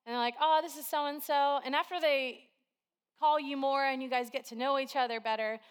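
A woman's voice: high voice, fairly even intonation, brisk, clean tone. A woman preaching a sermon to a congregation, telling everyday stories in a chatty, conversational way. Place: church service with a congregation.

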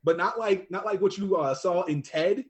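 Easygoing male guest, talkative and relaxed, a bit higher voice. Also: moderate pace. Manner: chatty, easygoing, rambling. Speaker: podcast guest. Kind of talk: casual podcast chat.

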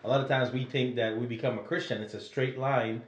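A man co-hosts a casual Bible study talk, at a middle pitch and in an easy conversational way. He keeps checking in with the other person as he explains. His voice carries a roomy echo. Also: fairly even intonation, brisk. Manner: conversational, often checking with "right?". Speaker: podcast co-host.

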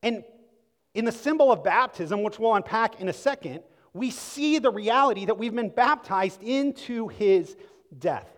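A man's voice: sits high, lively intonation, measured pace, long reverb tail. A man preaching a sermon, conversational and emphatic, with rhetorical questions and asides to the congregation. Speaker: pastor.

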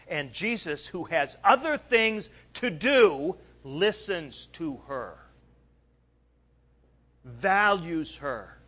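A male preacher telling a story in a sermon, lively and dramatic, rising to loud bursts and dropping to quiet asides. His voice sits a bit high for a man and rings bright and forceful.

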